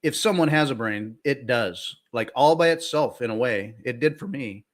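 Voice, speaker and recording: A man's voice: mid-range voice, expressive, normal speed. Easygoing, hesitant man in podcast chat. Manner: easygoing, hesitant with fillers, laughs often. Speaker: podcast co-host. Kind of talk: casual chat.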